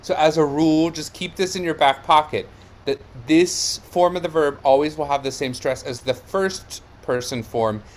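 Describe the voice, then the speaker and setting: A man's voice: fairly high pitch, moderate pace. A man teaching Italian diction in an online lesson, explaining step by step and checking in with "yeah?" and "right?".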